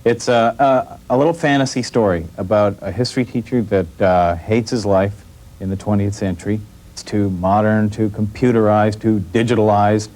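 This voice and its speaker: A man's voice: fairly low pitch, fairly even intonation, moderate pace, a little mellow. Dry-joking man in interview. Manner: dry joking, mock outrage. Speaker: comedian guest. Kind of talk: interview chat.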